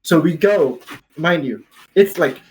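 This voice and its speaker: A young man spins a casual story on a podcast, his voice sitting a little high for a man. He rambles, circles back and restarts often, laughing as he goes. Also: lively intonation, takes it slowly, poor audio. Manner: rambling, full of "like" and restarts, laughs while telling. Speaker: podcast host.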